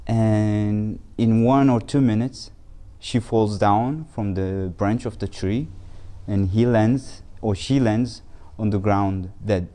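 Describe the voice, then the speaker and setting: A man whose first language is Turkish, telling a fable as an instructor in a lesson, halting and restarting his phrases often. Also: on the low side, dark tone. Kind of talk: storytelling lesson.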